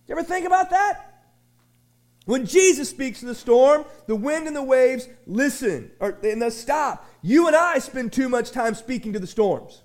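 Male pastor, very high voice, folksy rambling sermon, shouted refrains. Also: animated, normal speed. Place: small church sanctuary.

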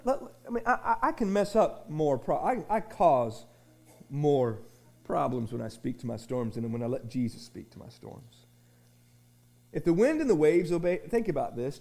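A man preaching a sermon as pastor of a small church, folksy and rambling, with many restarts and shouted refrains. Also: high-pitched.

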